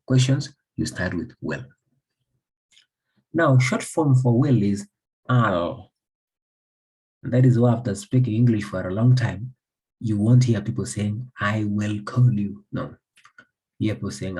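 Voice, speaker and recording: A man from Somalia teaches English grammar. His voice is very husky, low and mellow. He drills example sentences again and again and quizzes the class with questions. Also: measured pace, pauses often, rough recording. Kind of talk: grammar lesson.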